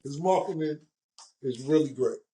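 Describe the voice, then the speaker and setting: A man's voice: on the high side, moderate pace, a loud crowd. A man hosting a casual sports talk show, telling stories loosely and with a lot of slang. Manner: loose slang-heavy storytelling. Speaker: host.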